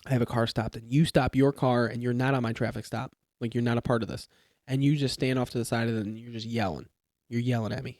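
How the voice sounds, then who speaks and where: A man's voice: medium pitch, steady tone, quick pace, darkish tone, no room sound, clean studio sound. A young man, a police trainee in casual podcast chat, explaining with examples and lots of fillers and restarts. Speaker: police trainee or new officer. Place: podcast studio in a garage. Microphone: studio mic.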